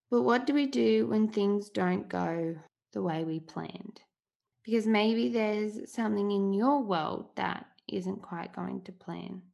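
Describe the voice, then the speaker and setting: A woman in her thirties hosting a solo podcast, talking candidly and from the heart in a relaxed, conversational way. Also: fairly low pitch, gravelly. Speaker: podcast host.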